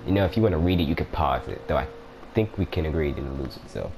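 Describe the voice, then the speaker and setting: A man's voice: very deep voice, lively intonation, quick pace, over music. A young man casually commenting on a video game, rambling and joking as he plays. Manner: rambling, joking, self-interrupting. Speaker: gaming let's-play host.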